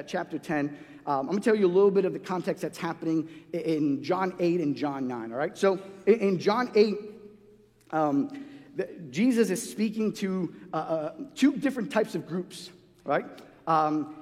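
Guy preaching, high-ish voice, chatty and restarts a lot, big hall echo. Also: darkish tone. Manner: conversational, many restarts and "like"s, acts out quoted voices. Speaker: pastor. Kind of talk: sermon. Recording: long hall reverb.

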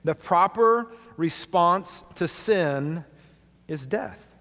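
A male pastor preaching a sermon to a congregation, earnest, often dropping quietly for emphasis. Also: high-pitched, lively intonation, extremely slow. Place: church sanctuary. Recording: long hall reverb.

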